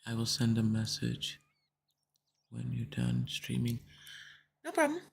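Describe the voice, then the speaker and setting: A woman's voice: extremely low pitch, huge pitch swings, measured pace, vocal fry, husky. A woman streaming a game, chatting casually with her viewers, laughing often and telling stories from home.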